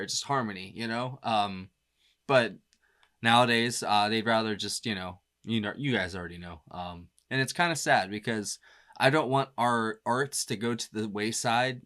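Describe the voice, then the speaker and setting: A man hosting a music reaction video, talking casually with lots of fillers and laughs, rambling and excitable. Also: mid-range voice.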